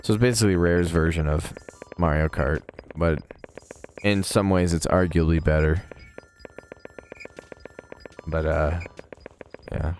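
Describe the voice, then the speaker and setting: Young guy streaming games, deep voice, rambles, swears a lot, chill. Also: steady tone, a little slow, pauses often, a little mellow, slight background noise. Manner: rambling, laid-back, swears casually. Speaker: game streamer. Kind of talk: casual live-stream chat.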